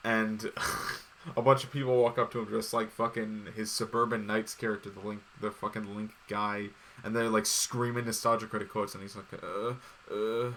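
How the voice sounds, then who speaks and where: Man, casual podcast host, rambling, swearing, lowish voice, crisp bright tone. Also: flat delivery, moderate pace, slight background noise. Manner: rambling, profane, full of fillers and restarts. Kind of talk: casual chat.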